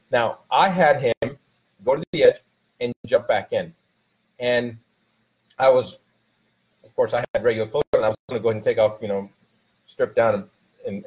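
A man's voice: mid-range voice, darkish tone, poor audio. A man, a father, talking casually about his son and giving motivational advice with many restarts, growing more emphatic as he coaches.

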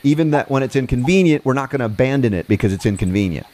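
A man hosting a casual interview, quick and agreeable, talking with many fillers. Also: mid-range voice, expressive, darkish tone. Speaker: podcast host.

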